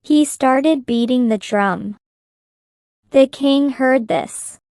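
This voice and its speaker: Slow, clear woman reading a story. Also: high-pitched, a little mellow, no echo, studio quality. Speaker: narrator. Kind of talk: slow graded-reader story narration.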